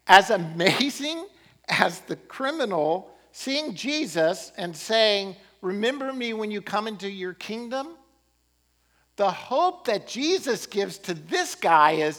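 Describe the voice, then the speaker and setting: Animated male pastor preaching. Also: high voice, takes it slowly. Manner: animated, rising and falling emphasis with occasional laughs. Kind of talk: sermon.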